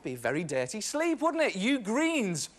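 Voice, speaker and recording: A man's voice: high-pitched, wildly swooping pitch, moderate pace. A British man hosting a children's game show in a TV studio, jokey and teasing. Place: TV studio set.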